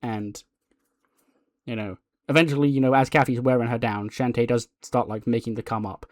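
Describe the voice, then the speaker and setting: A man's voice: medium pitch, fairly even intonation, moderate pace, dry recording. Man, casual game narration, rambling, laughs, dry close sound. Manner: rambling, laughing, lots of fillers. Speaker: game streamer.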